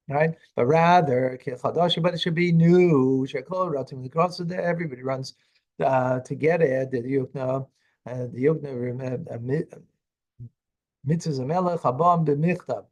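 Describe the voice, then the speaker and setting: A man's voice: medium pitch, measured pace, a little mellow. A man, a rabbi, teaching a Torah class, reading verses aloud, translating them and quizzing a student before explaining. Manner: questions the student and then explains.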